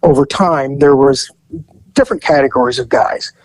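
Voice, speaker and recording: A man hosting a podcast, telling stories in a casual, animated way, chuckling and restarting phrases. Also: medium pitch, normal speed, dry recording, poor audio. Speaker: podcast host, storyteller. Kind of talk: casual storytelling chat.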